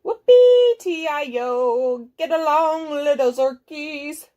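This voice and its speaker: A woman puts on a rowdy alien cowboy from outer space, a boastful male rider who whoops and hollers through his lines. The voice sits high and swings widely. He sounds like a storybook showman. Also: lively intonation, slow, darkish tone, highs cut off.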